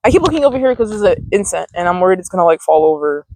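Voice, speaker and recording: A woman's voice: fairly low pitch, big pitch swings, rapid-fire, a little mellow, no echo. A woman hosting a mindfulness vlog outdoors, chatting casually, laughing often and swearing freely. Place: outdoors, sitting on dirt.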